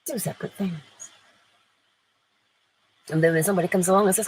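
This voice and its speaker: A woman's voice: fairly low pitch, fairly even intonation, fairly quick, a little mellow, slightly rough, poor audio. A woman hosting an inspirational morning livestream, playful and emphatic, laughing often and answering viewers in the chat. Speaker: livestream host.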